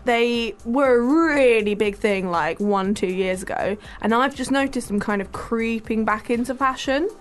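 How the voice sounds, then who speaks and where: A young woman from England co-hosting a casual chat, teasing and quick to laugh. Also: on the high side.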